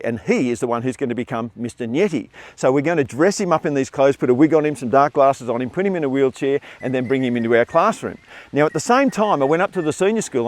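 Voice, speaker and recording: An older Australian man tells a story from his teaching days. He is animated and expressive, and he voices the people in his tale as he goes. His pitch sits in the middle range for a man. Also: no room sound. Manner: animated storytelling, acts out quotes. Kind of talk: spoken storytelling.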